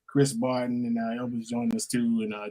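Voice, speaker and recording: A man's voice: mid-range voice, little pitch movement, a little fast, mellow. A man appearing as a guest on a podcast, talking about his own show in a laid-back, casual way. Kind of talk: casual chat.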